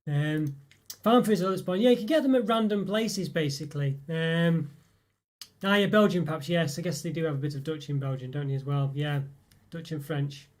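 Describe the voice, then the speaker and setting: A man in a relaxed live stream, talking casually to his viewers. His voice sits a bit high for a man, and he rambles with plenty of ums and little laughs as he goes. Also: normal speed. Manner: rambling, chatty, many fillers and laughs. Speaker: live stream host reviewing chocolate. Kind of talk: casual live chat reading viewer comments.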